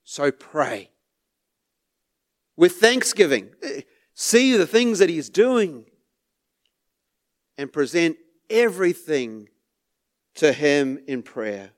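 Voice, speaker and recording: A man preaching a sermon to his church, unhurried, with small laughs and repeated words. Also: fairly high pitch, big pitch swings. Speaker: pastor.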